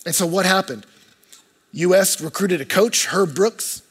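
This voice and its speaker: A man from the United States delivers a sermon in a church hall, his voice high for a man and a little husky. He talks to the room like a conversation, dropping low and soft, then climbing and getting loud. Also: measured pace. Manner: conversational preaching with swings from hushed to loud. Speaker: pastor.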